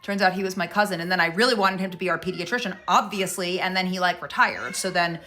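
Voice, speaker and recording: A woman's voice: fairly low pitch, steady tone, quick pace, bright, forceful tone. A woman casually telling a personal story, chatty, acting out both sides of a conversation.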